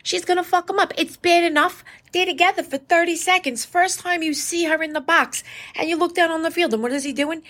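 A woman's voice: very high voice, a little fast, fairly bright tone. A middle-aged woman hosting her podcast, ranting casually with profanity and sarcasm. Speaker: podcast host.

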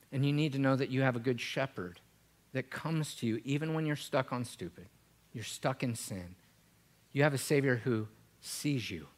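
A male pastor delivers a sermon in a church. His voice sits at a middle pitch and rises to loud, urgent emphasis in some passages, then drops to soft, hushed prayer.

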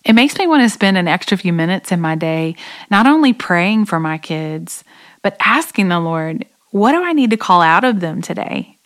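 Female host, 40s, devotional talk, earnest and reflective, lowish pitch. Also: big pitch swings, normal speed. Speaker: podcast host.

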